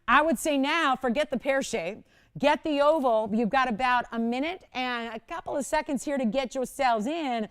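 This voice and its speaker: A middle-aged woman hosts live jewelry sales from a TV studio, her voice smooth and a little high. She rattles on chattily, pokes fun at herself and breaks into laughs between pitches. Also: moderate pace, a bit bright. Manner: chatty, self-mocking, laughs often. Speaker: jewelry shopping host. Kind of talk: live shopping presentation. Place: TV shopping studio.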